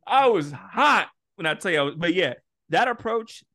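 Young man, podcast co-host, high-pitched, animated storytelling, heavy swearing. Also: normal speed. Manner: animated storytelling, heavy cursing, acts out quotes. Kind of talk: casual podcast chat.

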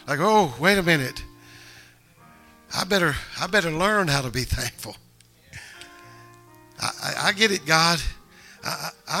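High, bright-voiced preaching man. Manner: conversational preaching with joking asides, building to exhortation. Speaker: pastor. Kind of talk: sermon. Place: church sanctuary.

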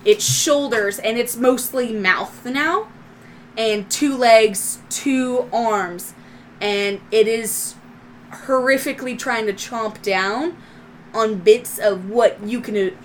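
Slow-talking woman running a tabletop game. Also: a little high, a little hiss or hum. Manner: descriptive, loose narration with fillers. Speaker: game master.

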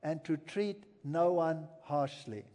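A man's voice: a little high, slow pace, dark tone. A man preaching a sermon to an audience, earnest and emphatic, telling stories between points. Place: large hall with an audience. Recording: long hall reverb.

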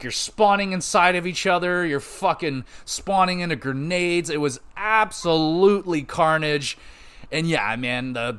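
A man's voice: mid-range voice, fairly bright tone. A man hosting a podcast, chatting casually and enthusiastically about an old video game, swearing freely and rambling. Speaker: podcast host. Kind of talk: casual gaming podcast chat.

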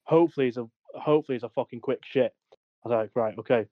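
A young man with a mid-pitched voice tells a rowdy, sweary army story on a podcast, laughing through it. The sound is dry and dull, like a lo-fi home recording. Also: fast talker, no echo. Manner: sweary, laughing anecdote-telling. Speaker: podcast co-host. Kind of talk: casual storytelling.

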